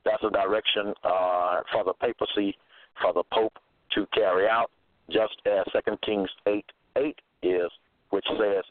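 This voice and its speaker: A man preaching slowly and deliberately, citing scripture verses and checking in with his listeners. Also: fairly low pitch, no room sound. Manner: deliberate, cites verses, repeats "okay?". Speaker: self-styled religious teacher. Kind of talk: slow scripture-citing sermon. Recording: tinny phone-like dry sound.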